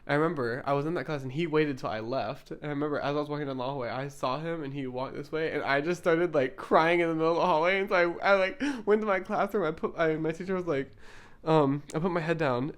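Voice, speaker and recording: A young woman co-hosting a podcast, telling stories in casual chat, relaxed and quick with plenty of fillers. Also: low voice. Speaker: podcast co-host.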